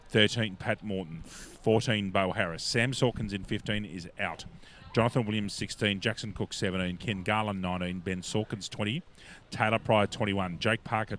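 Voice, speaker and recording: A man with an Australian accent, a local football commentator, introducing teams and bantering with his co-host. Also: lowish voice. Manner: warm, bantering announcer. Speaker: sports commentator. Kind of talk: live sports commentary. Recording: faint background noise.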